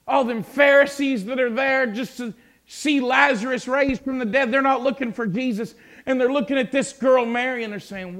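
A male preacher telling a Bible story, repeating words as he builds to fervent shouting. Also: extremely high pitch. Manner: stammering repetitions, swelling into fervent shouts. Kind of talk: sermon.

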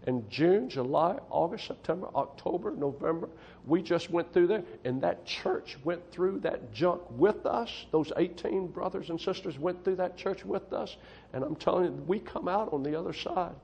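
A man's voice: high-pitched, animated, moderate pace, gravelly, a little mellow, breathy edge, lo-fi sound. A man preaching a testimony sermon as a missionary to a church congregation, folksy and emphatic, often repeating himself for stress. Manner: folksy, emphatic, repeats "I'm telling you".

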